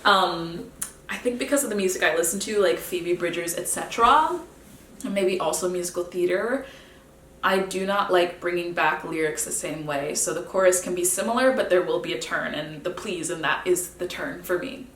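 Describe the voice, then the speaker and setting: A young woman songwriter talking casually and candidly about her own song, sometimes musing quietly. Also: on the low side, moderate pace, a little hiss or hum. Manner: chatty, candid, drifts into soft musing. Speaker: singer-songwriter. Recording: roomy, mic set at a distance.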